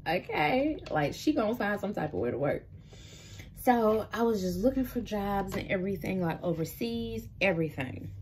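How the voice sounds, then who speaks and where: A woman in her thirties from Memphis tells her faith story in a vlog, very animated and casual, calling her viewers "y'all." Her mid-range voice has a darkish tone at normal speed, with a little hiss or hum.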